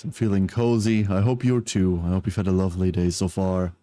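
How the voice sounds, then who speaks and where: A man chatting casually on a livestream, groggy from a nap, speaking softly and apologetically as he greets viewers one by one. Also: deep voice, flat delivery, a little fast, dry recording. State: groggy, just woke from a nap. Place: at home, wrapped in a blanket.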